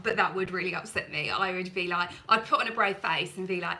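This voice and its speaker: A woman's voice: on the low side, a little fast, hardly any pauses, pushed and bright, poor audio. A woman hosting a cleaning channel, chatting through a live stream with viewers in a rambling, self-deprecating way.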